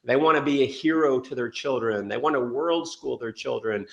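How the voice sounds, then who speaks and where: A man giving an energetic sales training talk, telling stories and acting out quotes. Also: medium pitch, normal speed, creaky, roomy sound, muffled recording. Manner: energetic storytelling with acted quotes. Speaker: motivational speaker.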